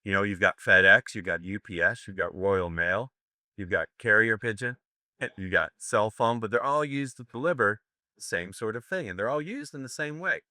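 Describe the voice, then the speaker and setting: A man's voice: fairly low pitch, normal speed, bright, forceful tone, no room sound, clean studio sound. An older American man giving a live seminar lecture, brash and profane, joking with his audience. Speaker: seminar instructor.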